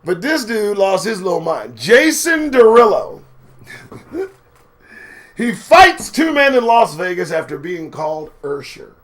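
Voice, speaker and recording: A man hosting a casual live-stream commentary show. His voice sits a bit high for a man and swings widely as he jokes. He swears freely and riffs sarcastically on the news he reads out. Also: unhurried. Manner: animated, profane, sarcastic riffing. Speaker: show host.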